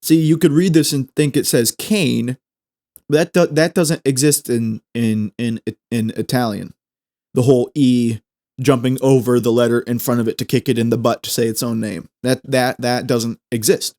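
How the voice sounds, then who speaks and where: A young man, hosting a podcast and chatting casually through a language lesson, repeating phrases slowly as he explains. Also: mid-range voice, fairly even intonation, a little mellow. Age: 20s. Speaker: podcast host.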